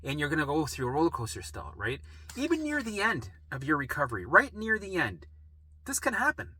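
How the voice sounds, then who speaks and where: A man's voice: fairly high pitch, wildly swooping pitch, a little fast, bright, forceful tone, slightly rough. A man talking straight to camera as a recovery coach, blunt and swearing, acting out panicked thoughts and often tagging sentences with "right?". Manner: keeps asking "right?". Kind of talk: direct-to-camera talk.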